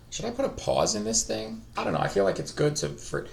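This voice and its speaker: A man's voice: fairly high pitch, very animated, fairly quick, vocal fry. A middle-aged man hosting a language-learning stream, talking casually and thinking aloud, often trailing off and restarting. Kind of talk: casual live-stream talk.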